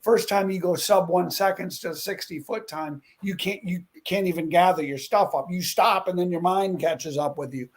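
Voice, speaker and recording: A middle-aged man, a former stuntman and drag racer, chatting as a talk-show guest and telling animated stories. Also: high-pitched, moderate pace, few pauses. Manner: animated storyteller who acts out quotes. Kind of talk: casual talk-show chat.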